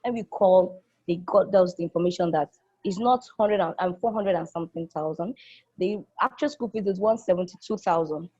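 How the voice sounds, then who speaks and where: A woman's voice: fairly low pitch, fairly quick, a little mellow, slightly rough, no room sound. Eager young woman, dull recording. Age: young adult. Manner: enthusiastic, repeats phrases, acts out quoted people. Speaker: college student. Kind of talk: casual spoken testimonial.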